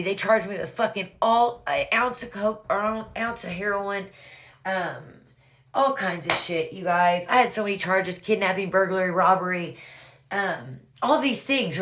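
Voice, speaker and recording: A woman's voice: medium pitch, fairly bright tone. A woman casually telling her own story to viewers, rambling and swearing freely, often calling out "you guys".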